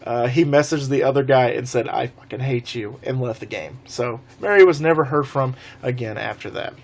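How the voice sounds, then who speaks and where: A man's voice: mid-range voice, moderate pace, gravelly. A young man telling a rambling, laughing story on a casual live stream.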